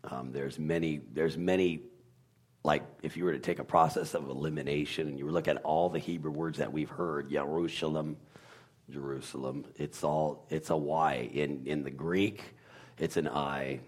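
A man as a guest explaining Hebrew letters, halting and searching for words, sounding out syllables to demonstrate. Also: rumbling low, fairly even intonation. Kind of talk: casual explanatory talk.

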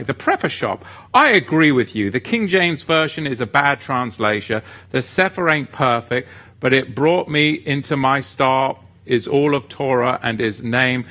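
Animated, fired-up male livestream host. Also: gravelly. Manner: animated, gets fired up and swings his pitch. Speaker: host of a religious livestream, reading viewer comments. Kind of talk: casual livestream chat with scripture talk.

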